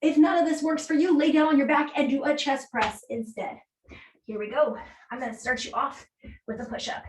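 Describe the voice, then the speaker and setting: A woman with a fairly high voice coaches a workout class, counting reps and cheering people on while she exercises along, a little breathless. She is heard from some way off the mic, in an echoey room. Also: steady tone, brisk, a little mellow, distant mic. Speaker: fitness instructor. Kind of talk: live workout class instruction.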